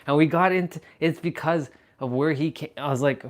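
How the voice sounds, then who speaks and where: A man hosting a livestream, talking casually and telling an animated story, swearing freely. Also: fairly high pitch, brisk, hardly any pauses. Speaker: livestream host.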